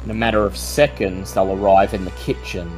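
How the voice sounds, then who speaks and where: A woman as game master, narrating a tabletop horror game in slow, suspenseful tones. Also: rumbling low, fairly even intonation, darkish tone, poor audio. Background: faint music.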